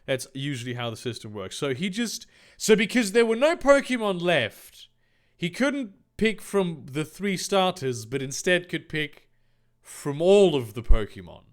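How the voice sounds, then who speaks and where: A young man reading fanfiction aloud with sarcastic, deadpan commentary and casual swearing. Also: a little high, measured pace.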